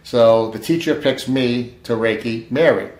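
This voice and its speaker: A man recounts a personal story in a loose, conversational way. He acts out the quoted dialogue with bursts of emphasis, and his voice sits at a medium pitch. The room around him rings with a clear echo. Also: unhurried, darkish tone. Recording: echoey room.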